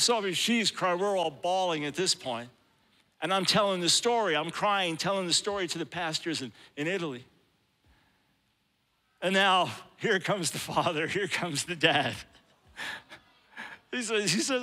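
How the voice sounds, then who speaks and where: A man's voice: high voice, a little slow, pauses often, pushed and bright. A man preaching a sermon, telling a story with animation and acting out the people he quotes. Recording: long hall reverb.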